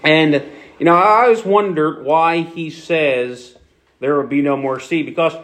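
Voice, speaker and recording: A man's voice: on the high side, unhurried, fairly bright tone. Philadelphia man preaching casually. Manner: conversational preaching with frequent restarts and fillers. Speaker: pastor. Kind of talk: sermon.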